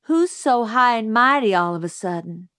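A woman's voice: fairly high pitch, expressive, normal speed, a bit bright, no echo, clean studio sound, pitched above the performer's own voice. A woman voicing an outspoken young tomboy girl who asks eager, indignant questions.

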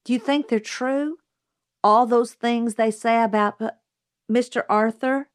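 A woman's voice: on the high side, steady tone, a little slow, no echo, studio quality, voice pushed up, close to an everyday voice. A woman voicing an outspoken young tomboy girl who asks eager, indignant questions.

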